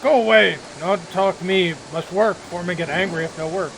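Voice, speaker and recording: Man doing a gruff, loud orc laborer. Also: high-pitched, fairly quick, slight background noise, rough recording. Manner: broken clipped grammar, blunt short phrases. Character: downtrodden male orc factory laborer, gruff.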